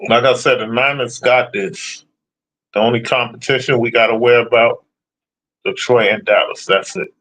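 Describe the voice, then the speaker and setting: A man's voice: mid-range voice, steady tone, normal speed, fairly bright tone. A man ranting casually about football predictions, blunt and profane as he answers his chat. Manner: profane, blunt, trash-talking. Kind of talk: casual sports rant.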